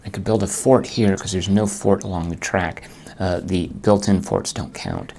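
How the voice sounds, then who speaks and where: A man with a fairly low voice narrates his own solo board game turn by turn. He thinks aloud in a muttering, half-to-himself way and groans when the dice go against him. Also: normal speed, creaky, mellow, slight background noise.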